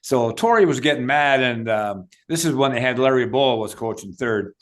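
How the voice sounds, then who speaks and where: An older man, a retired baseball umpire co-hosting a podcast, telling a story haltingly with many pauses. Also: medium pitch, animated, heavy background noise. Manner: halting, many fillers while recalling. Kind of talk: casual anecdote telling.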